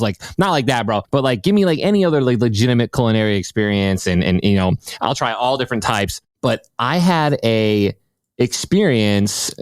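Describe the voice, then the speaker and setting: Hyped guy talking super fast, lots of dude and bro, dry close sound. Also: medium pitch, dry recording. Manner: excitable, slangy, swears a lot. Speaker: podcast host. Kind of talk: casual chat.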